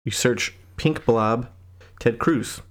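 A man's voice: mid-range voice, slow. Laughing, rambling young man co-hosting a podcast. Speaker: podcast co-host. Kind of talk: casual banter.

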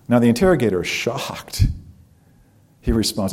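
A man preaching, telling a dramatic story with fillers and pauses. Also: sits low, darkish tone. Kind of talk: sermon storytelling.

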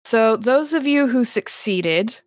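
A woman's voice: a little high, animated, slow, no echo, studio quality. A woman acting as game master who narrates a tabletop game in a descriptive way, often restarting her sentences.

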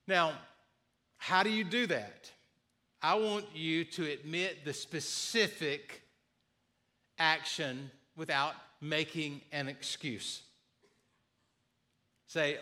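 A man preaching with a bright, forceful voice that sits a little high for a man. He speaks earnestly, repeats his key phrases for weight and voices example apologies the way a listener might say them. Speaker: pastor. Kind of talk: sermon.

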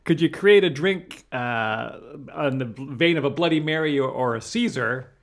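A man's voice: mid-range voice, normal speed. A man co-hosting a podcast in casual chat, rambling playfully with many restarts. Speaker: podcast co-host.

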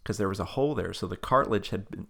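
Low gravelly man telling a story. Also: rapid-fire. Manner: animated, breaks into loud excited quotes; many fillers and restarts, folksy. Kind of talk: conversational storytelling.

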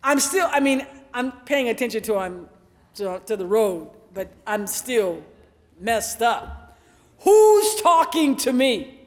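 A woman's voice: medium pitch, slow, in a large hall. A woman pastor preaching a sermon in a church, telling a personal story and calling out to the congregation. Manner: animated, storytelling, calls out to the congregation. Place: church sanctuary.

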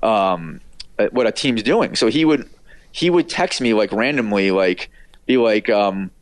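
A man's voice: lowish voice, animated, measured pace, dry recording. A middle-aged man, a radio producer, telling stories as an interview guest in a rambling way, full of fillers and acted-out quotes. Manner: rambling, filler-heavy, acts out quoted voices. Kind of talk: casual storytelling interview.

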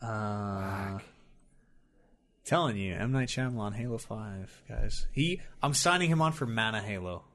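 A man's voice: lowish voice, a little slow, a bit bright. Rambling, jokey male podcast host. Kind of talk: casual chat.

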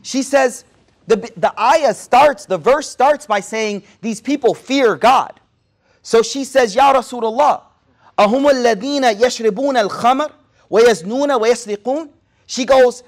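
A man teaching as an Islamic speaker in a relaxed sermon, retelling a story, dropping street slang, repeating phrases for emphasis and reciting Arabic quotations quickly. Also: extremely high pitch.

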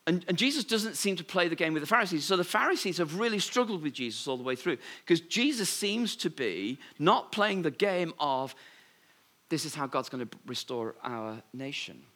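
A man preaching a sermon, retelling scripture with lively humour and playful asides. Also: high voice, brisk, few pauses. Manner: lively storytelling with humorous asides.

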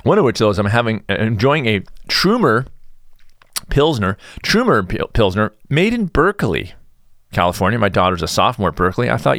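A middle-aged man talks bluntly in a casual solo podcast, telling his story with plenty of energy. His fairly low voice swings widely up and down. The sound is dry and close. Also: very animated, a little fast, a bit bright, no echo. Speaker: podcast host. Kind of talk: casual monologue.

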